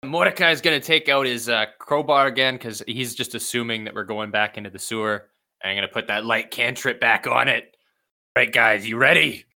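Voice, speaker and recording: A man's voice: mid-range voice, steady tone, a little fast, bright, forceful tone. A man playing a tabletop role-playing game, joking around and describing his character's actions. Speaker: player.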